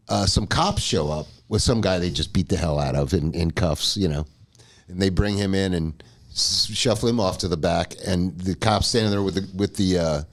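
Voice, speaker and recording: A man co-hosting a podcast, telling a long story in a casual, profane way and laughing as he goes. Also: lowish voice. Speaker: podcast co-host.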